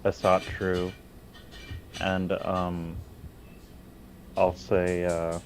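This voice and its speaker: A man takes part as a player at a tabletop game, feeling his way through each sentence with frequent fillers. His voice is low, and he speaks slowly and haltingly. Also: steady tone, slight background noise. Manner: hesitant, many fillers. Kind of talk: casual tabletop game chat.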